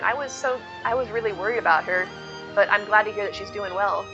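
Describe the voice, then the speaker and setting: A woman's voice: medium pitch, a little fast, over music, low-quality recording. An adult woman streaming a game, chatting casually and answering viewers. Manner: chatty, reads chat aloud, lively. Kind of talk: casual chat while gaming.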